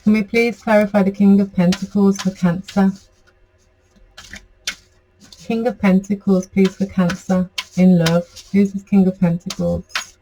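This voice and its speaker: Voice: medium pitch, flat delivery, unhurried, long pauses, dark tone, slight background noise, poor audio. A tarot reader giving a casual, chatty reading to camera, rambling with many fillers.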